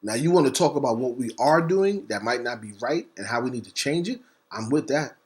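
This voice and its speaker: A man's voice: mid-range voice, animated. Emphatic man in a fiery monologue. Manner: emphatic, preacher-like, spells words out letter by letter; bursts of fast talk between slow stressed words. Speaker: host. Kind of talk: impassioned monologue.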